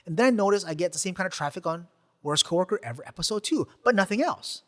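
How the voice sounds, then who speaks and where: Man, podcast host, high voice, lively pitch, casual storytelling, long reverb. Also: fast talker. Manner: animated, frequent "like" fillers, repeats words.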